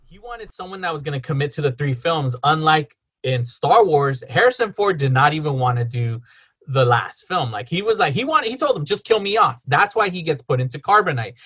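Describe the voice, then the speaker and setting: A man's voice: fairly high pitch, sing-song, brisk, fairly bright tone, husky. A man with a Chicano English accent co-hosting a podcast in casual chat, laughing often and slipping into playful impressions. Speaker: podcast co-host.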